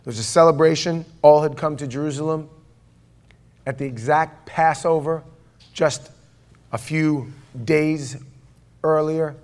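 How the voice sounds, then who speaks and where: A pastor leading a prayer and then preaching a sermon in church, in a conversational way that asks the congregation questions. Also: male voice, on the high side, fairly even intonation, a little slow, long pauses, darkish tone.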